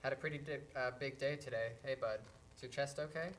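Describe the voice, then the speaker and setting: A man playing a gentle, kind dog owner in a staged play reading, speaking softly and reassuringly. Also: mid-range voice, steady tone, brisk, natural voice. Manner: soft and reassuring.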